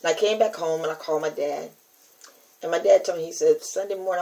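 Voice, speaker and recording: This is an older woman from the United States, a preacher with her own podcast, speaking casually to her audience in a repetitive, emphatic, testifying manner. She talks fast in a lowish, creaky, slightly mellow voice over poor audio.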